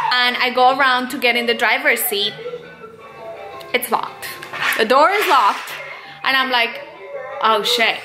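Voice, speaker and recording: A young woman vlogging to camera, telling a story casually and with animated emphasis. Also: fairly high pitch, roomy sound. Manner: animated, emphatic retelling with quoted inner panic. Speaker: mom vlogger.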